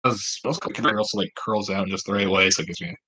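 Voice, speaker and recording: A man's voice: lowish voice, steady tone, quick pace, sharp tone, husky. A man at home, talking straight to camera in a rambling, profane, self-mocking monologue. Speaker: vlogger.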